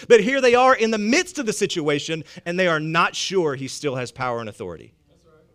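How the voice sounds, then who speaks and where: A male pastor preaching a sermon in a conversational way, swinging between loud emphatic lines and hushed ones, often repeating words as he goes. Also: sits high, expressive, a little fast, smooth. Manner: frequent stammered repeats.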